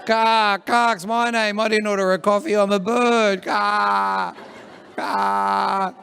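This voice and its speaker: A man's voice: high-pitched, level tone, takes it slowly, creaky, pushed and bright, clean tone, voice pushed up, heavily acted. A man voicing a cranky barista who turns into a squawking crow, irritated and clipped. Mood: angry squawking.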